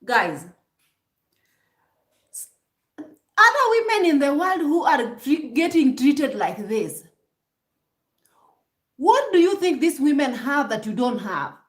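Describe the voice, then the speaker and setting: A woman's voice: high voice, big pitch swings, takes it slowly, pauses often, reverberant. A woman vlogger giving emphatic, preachy relationship advice straight to her viewers, prodding them with rhetorical questions. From Kenya. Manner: emphatic, preachy, rhetorical "hmm?" prompts, frequent restarts. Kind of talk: direct-to-camera advice monologue.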